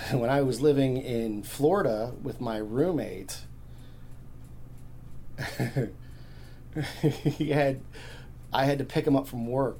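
A man's voice: mid-range voice, a little mellow, a little hiss or hum. Guy guest on a podcast, rambly storyteller, lots of restarts. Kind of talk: casual chat.

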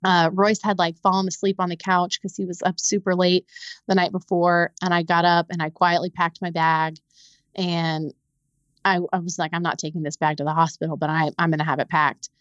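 A young adult woman, a podcast guest, telling a painful personal story in a halting way, repeating words when it gets hard. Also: on the low side, level tone, dry recording, muffled recording.

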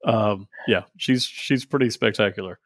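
A man's voice: fairly low pitch, normal speed, fairly bright tone, no echo, clean studio sound. A man hosting a casual podcast interview, friendly and a little rambling. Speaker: podcast host.

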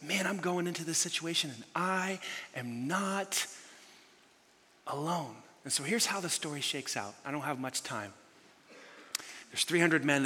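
A man preaching a sermon as pastor, telling a story with animated emphasis. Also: fairly high pitch. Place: large church hall. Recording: long reverb in a large hall.

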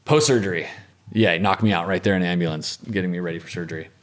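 A man telling a personal story in an interview, calm and reflective, often letting his voice trail off softly. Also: sits low, racing. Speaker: interviewee, former medic and lifeguard.

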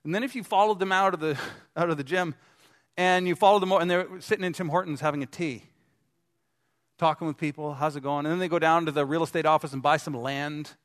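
Male pastor, chatty sermon delivery with questions to the room, a touch high-pitched, reverberant gym. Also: steady tone, fairly quick, a bit bright. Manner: conversational, asks the congregation questions. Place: gym used as a church hall. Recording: long hall reverb.

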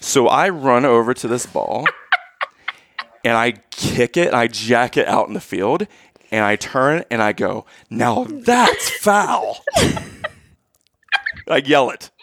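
A man telling a story in casual chat, animated, and often checking in with "okay?" and "right?". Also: mid-range voice, a little slow, creaky, dry recording. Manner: acts out quoted lines in raised voice.

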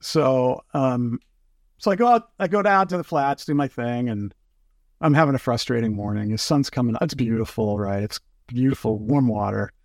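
A man's voice: mid-range voice, moderate pace, no room sound, clean studio sound. A man telling fishing stories in casual chat, acting out quotes with lots of fillers. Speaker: fly fishing guest.

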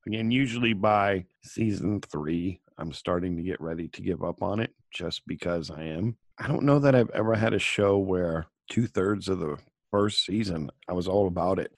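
Lowish voiced guy grumbling dryly about a tv show, dead dry audio. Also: no room sound. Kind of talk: casual TV show discussion.

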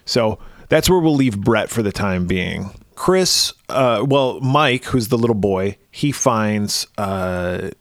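A man's voice: fairly low pitch, lively intonation, slow, few pauses, no room sound, studio quality. A man co-hosting a podcast, recapping a movie in casual chat, laid-back and swearing freely. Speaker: podcast co-host.

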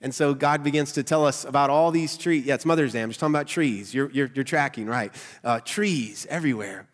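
Nasal Southern pastor in a reverberant hall. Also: male voice, mid-range voice, a little fast. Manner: conversational, animated preaching with audience asides. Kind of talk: sermon. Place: church sanctuary.

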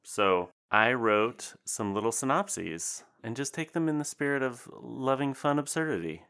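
A man's voice: mid-range voice, lively intonation, measured pace, gravelly, fairly bright tone, clear, resonant tone. A young man co-hosting a podcast, chatting casually with a joking, rambling, self-deprecating manner. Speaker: podcast co-host.

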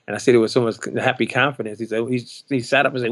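A drummer in his sixties telling a story in an animated way, often acting out the voices of other people in it. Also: medium pitch, racing, hardly any pauses, dry recording. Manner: animated, acts out quoted voices. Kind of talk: anecdotal storytelling.

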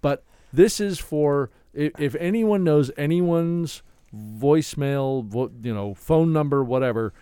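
Smooth-voiced man chatting on a podcast. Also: a little high, a little slow, dark tone, no echo, clean studio sound. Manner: rambling, restarts mid-thought. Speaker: podcast co-host. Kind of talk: casual chat.

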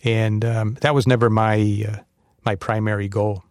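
A man's voice: lowish voice, flat delivery, moderate pace, a little mellow, no room sound, studio quality. A man speaking as a podcast guest in a thoughtful, hesitant way with many fillers. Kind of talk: casual chat.

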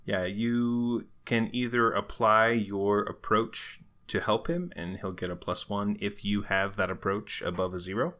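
A low-pitched man runs a tabletop game, narrating scenes and explaining rules in a relaxed manner full of "uh" and "um". His voice has a bright, forceful edge. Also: a little slow, hardly any pauses. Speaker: game master.

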